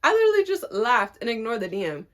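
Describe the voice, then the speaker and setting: A young woman vlogger telling a story in a casual storytime style, animated and acting out the people in her story. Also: a little high, quick pace.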